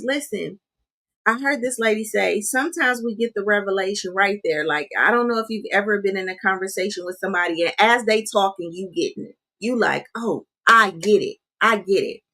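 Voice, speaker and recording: A woman's voice: on the high side, a bit bright. Chatty woman coaching a live audience. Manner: chatty, keeps asking "right?" and calls listeners "you guys" and "honey". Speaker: life coach. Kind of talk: live-streamed coaching talk.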